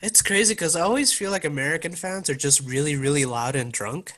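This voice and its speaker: A young man co-hosting a casual podcast, quick to laugh and trade jokes in a slangy way. His voice sits a little higher than most men's. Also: fairly bright tone. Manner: joking, laughs a lot, slangy. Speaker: podcast co-host. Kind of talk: casual chat.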